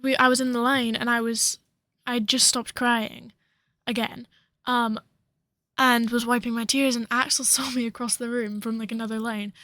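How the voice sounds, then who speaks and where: A woman's voice: a little high, little pitch movement, moderate pace, bright, forceful tone, dry recording. A young woman co-hosting a podcast, chatting casually and rambling with lots of fillers. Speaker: podcast co-host. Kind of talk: casual chat.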